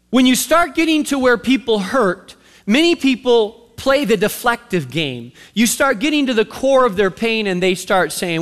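A male pastor preaching a sermon in an animated storytelling way, asking the audience direct questions, in a church sanctuary. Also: high voice. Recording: long reverb of a large hall.

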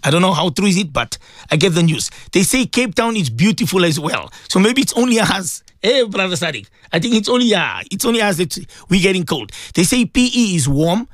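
Man, middle-aged, from South Africa, radio presenter, chatty, animated pitch, dry close sound. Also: dry recording. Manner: chatty, affectionate, laughs often. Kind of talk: casual radio chat reading listener messages.

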